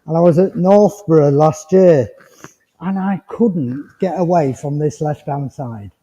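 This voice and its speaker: A male spiritualist medium, his voice mellow and dark yet fairly high, speaks at a measured pace during a mediumship demonstration to a congregation in a village hall. He is chatty, rambling and gently reassuring. The recording is dull, muffled and lo-fi, with long hall reverb.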